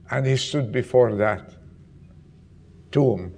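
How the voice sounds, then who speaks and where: A man preaching a sermon, swinging between loud questions to the congregation and hushed, almost whispered lines. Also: medium pitch, slow pace, vocal fry, long pauses, a little hiss or hum.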